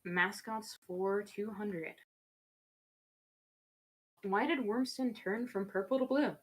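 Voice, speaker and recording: A woman's voice: medium pitch, takes it slowly, breathy edge. A woman hosting a livestream trivia game, upbeat and a bit scatterbrained. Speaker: game show host.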